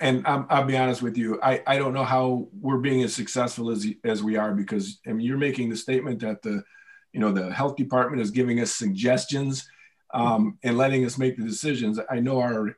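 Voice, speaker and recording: A man on a school board asking questions and giving earnest, loosely worded comments at a meeting. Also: medium pitch.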